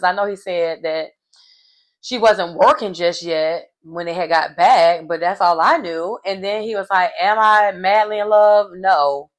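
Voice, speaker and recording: A woman hosting a casual reality TV recap, sassy and colloquial, laughing often as she reacts. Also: mid-range voice.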